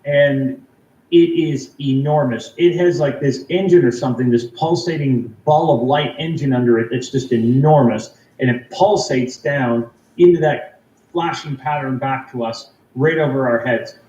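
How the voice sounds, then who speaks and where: A man from Canada, a guest telling a personal story in an excited, rambling way, full of fillers and restarts. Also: mid-range voice, unhurried, roomy sound, recorded from a distance, dull audio.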